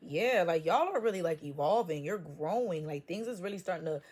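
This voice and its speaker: A woman's voice: on the low side, lively intonation, fairly quick, very noisy. A woman giving a casual tarot reading, blunt and profane with joking trash talk. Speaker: tarot reader.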